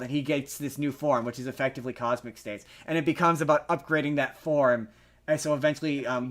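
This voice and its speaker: A man co-hosting a casual podcast, retelling a story in a rambling, animated way with lots of restarts. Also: medium pitch. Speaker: podcast co-host.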